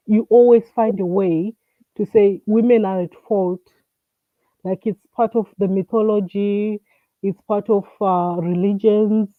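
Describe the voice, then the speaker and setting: A woman's voice: medium pitch, no room sound. A woman from Africa calling in and talking casually, hesitant, with many fillers and restarts. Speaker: caller. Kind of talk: casual call-in talk. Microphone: phone or call line. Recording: tinny phone line, dry.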